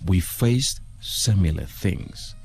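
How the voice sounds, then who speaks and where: A man's voice: sits low, animated, gravelly, a little mellow, slightly rough. A man who is a trauma counselor, speaking earnestly as a guest on a late-night radio talk show. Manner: earnest, measured, speaks of faith.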